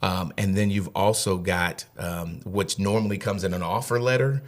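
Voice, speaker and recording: A man's voice: sits low, steady tone, moderate pace. A man in his thirties, a guest on a podcast, giving earnest advice in casual talk and often repeating words as he thinks. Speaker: HR director guest.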